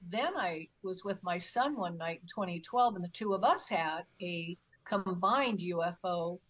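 A woman's voice: fairly low pitch, unhurried, poor audio. Older woman telling a vivid story. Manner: animated storyteller who acts out her own quotes. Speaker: guest, UFO experiencer. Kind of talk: storytelling interview.

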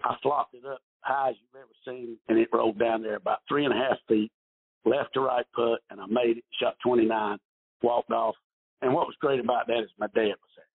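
A man's voice: mid-range voice, lively intonation, fairly quick. A middle-aged man, a retired golf pro, telling rambling stories as an interview guest and often repeating his words. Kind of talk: casual storytelling interview. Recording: husky voice over a tinny phone-like line.

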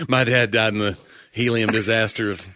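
A man chatting on a podcast who jokes around and jumps into loud comic voices. His voice is bright and forceful. The sound is dry and close. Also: on the low side, unhurried, no echo. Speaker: podcast co-host. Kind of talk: casual chat.

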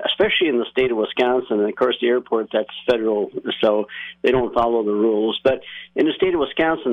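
A Midwestern man calling into a radio show, explaining his view in an earnest, lecturing way. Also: mid-range voice. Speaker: caller. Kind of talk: call-in opinion. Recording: phone line.

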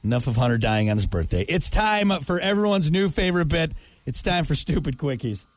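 A man's voice: a little high, sing-song, fairly quick, faint music behind. A man hosting a morning radio show, joking and teasing his co-host in casual banter.

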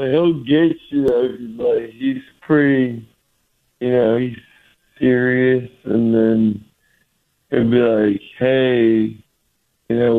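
A man calling in as a football player guest, talking haltingly with many fillers over a phone line. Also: mid-range voice, creaky. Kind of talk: casual interview.

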